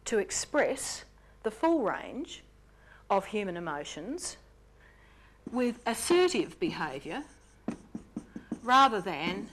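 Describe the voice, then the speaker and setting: A woman giving an explanatory lecture, speaking in an animated way with sudden jumps in pitch on key words. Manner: acts out quoted lines in character.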